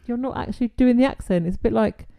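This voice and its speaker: A woman's voice: on the high side, fast talker, vocal fry, narrow, tinny audio. A woman co-hosting a podcast, chatting casually about a bad film, full of "like" and laughter. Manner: chatty, lots of "like", laughs often. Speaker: podcast co-host. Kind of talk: casual chat reviewing a film.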